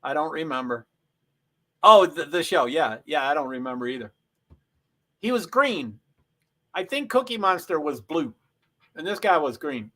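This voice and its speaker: A man hosting a casual livestream, rambling through race positions with frequent throat clearing and self-interruptions. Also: on the high side, lively intonation, moderate pace, long pauses, bright, forceful tone. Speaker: livestream host. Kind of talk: casual live race commentary.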